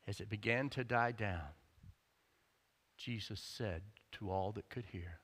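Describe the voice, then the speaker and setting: A man preaching a sermon as pastor. He tells the story with energy, acts out the quotes in character and rises almost to a shout. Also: fairly high pitch. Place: church sanctuary. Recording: long church-hall reverb.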